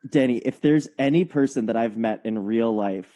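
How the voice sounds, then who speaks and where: Żartobliwy mężczyzna o ciepłej barwie. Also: male voice, mid-range voice, mellow. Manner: teasing, quick with jokes. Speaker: podcast co-host. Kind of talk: casual chat.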